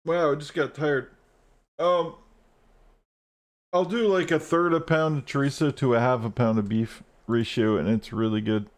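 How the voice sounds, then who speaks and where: A man's voice: mid-range voice, steady tone, normal speed. A man live-streaming a game, chatting casually and rambling while he plays, swearing often.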